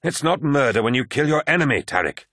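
A man's voice: medium pitch, lively intonation, quick pace, a bit bright, no room sound, clean studio sound, voice pushed up. A man reading an audiobook, voicing a brash male warrior captain with a curt, mocking delivery. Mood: hard. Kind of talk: audiobook character voice.

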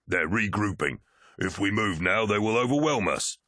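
A man voicing a fierce, brutal male warrior captain who barks his words loudly and scornfully. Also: fairly low pitch, expressive, moderate pace, no echo, clean studio sound, pitched above the performer's own voice. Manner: loud, barking, scornful.

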